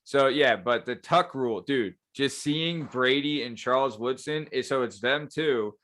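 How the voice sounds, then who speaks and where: A man's voice: medium pitch, measured pace, fairly bright tone. A man chatting casually on a podcast, rambling and laughing, mimicking the people he talks about. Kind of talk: casual profane chat.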